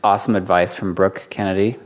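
A man's voice: low-pitched, flat delivery, fast. A man co-hosting a podcast, joking around and reading out listener questions. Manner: jokey, reads listener questions. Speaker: podcast co-host. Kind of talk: casual podcast chat.

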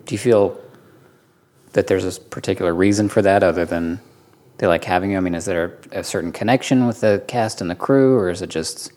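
Deep-voiced jokey man co-hosting a podcast. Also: fairly quick, darkish tone. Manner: jokey, reads listener questions. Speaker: podcast co-host. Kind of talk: casual podcast chat.

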